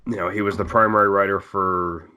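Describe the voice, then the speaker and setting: A young man with a low voice co-hosts a podcast, talking haltingly with lots of fillers and restarts. He sounds a little sick. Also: steady tone, sharp tone. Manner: halting, hesitant, many fillers. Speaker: podcast co-host. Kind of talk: casual chat.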